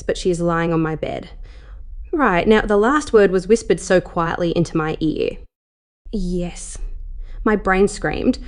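Woman narrator, slightly low voice, soft intimate storytelling, gets breathless at times. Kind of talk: first-person erotic story reading.

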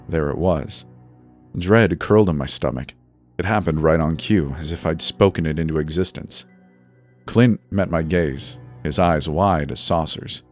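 A man reading a first-person horror story in a measured, suspenseful scripted narration. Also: deep voice. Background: soft background music.

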